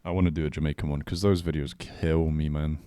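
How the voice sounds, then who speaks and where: A young man co-hosting a podcast, joking around in a relaxed, rambling way with lots of fillers. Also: rumbling low, fast, smooth, no echo, clean studio sound. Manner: laid-back, joking, trails off with fillers. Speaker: podcast co-host. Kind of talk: casual chat.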